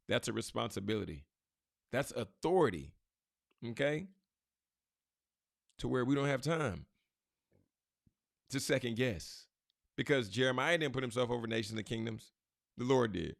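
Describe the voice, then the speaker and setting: A man's voice: mid-range voice, expressive, normal speed, gravelly, pauses often, no echo, studio quality. A man hosting a podcast, teaching scripture in an emphatic, preacher-like way and speaking straight to his listeners. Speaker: podcast host.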